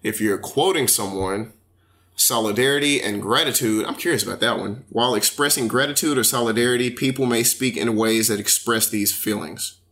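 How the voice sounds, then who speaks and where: A man co-hosting a podcast, casually reading definitions aloud and commenting on them in a relaxed way. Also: mid-range voice, fairly quick. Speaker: podcast co-host.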